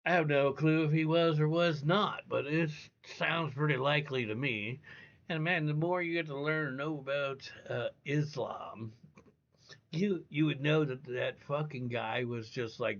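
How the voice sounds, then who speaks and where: A man's voice: medium pitch, unhurried, muffled recording. A man ranting live on a stream, blunt, heated and profane. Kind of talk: live reaction rant.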